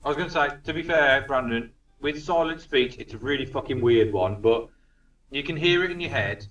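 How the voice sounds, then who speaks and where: A man narrates a tabletop game as dungeon master, chatty, casual and swearing freely. His medium-pitched voice is brisk with a fairly bright tone, faint music plays behind, and the recording is distant, roomy and lo-fi.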